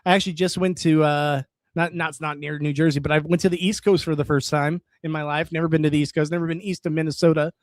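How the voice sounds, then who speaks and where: A young man from California chatting casually on a live stream, reading viewer comments and reacting in an excitable way, laughing often. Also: fairly high pitch, fast talker, dry recording, studio quality.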